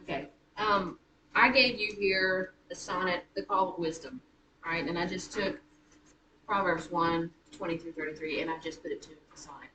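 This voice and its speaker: A woman's voice: lowish voice, moderate pace. Chatty woman teacher in echoey classroom. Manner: chatty, self-correcting, teasing. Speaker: high school writing teacher. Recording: echoey room, far from mic, noisy.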